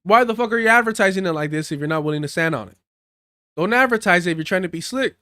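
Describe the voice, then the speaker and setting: A man's voice: sits high, expressive, fast talker, bright, forceful tone, no echo, clean studio sound. A man doing live political commentary, reading news aloud and breaking into heated, profane rants, now and then dropping Spanish phrases. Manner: profane, heated rants between read-out articles.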